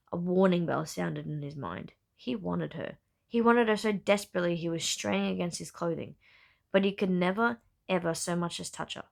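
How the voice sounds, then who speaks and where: A woman's voice: lowish voice, gravelly. A woman narrating a romance novel, reading aloud unedited with occasional slips and self-corrections. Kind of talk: hobby audiobook-style novel reading.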